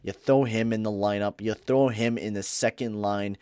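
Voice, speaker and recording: A man giving casual commentary over a hockey video game, excitable and swinging from mumbling asides to shouting at big plays, into a close mic with a pop filter. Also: on the low side, normal speed, smooth, no echo. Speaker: gaming YouTuber. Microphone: close headset or desk mic with pop filter.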